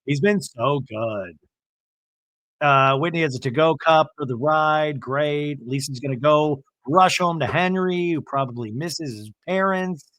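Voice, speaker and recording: Male podcast host, chatty and wry, slightly higher voice, dry close sound. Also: moderate pace, few pauses, fairly bright tone, no room sound. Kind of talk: casual recap commentary.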